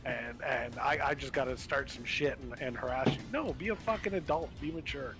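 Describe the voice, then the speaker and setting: A man's voice: mid-range voice, brisk. A man hosting a livestream, ranting bluntly in casual chat, full of cursing and restarts. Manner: profane, blunt, rambling with restarts. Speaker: livestream host. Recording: game music playing behind. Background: game music.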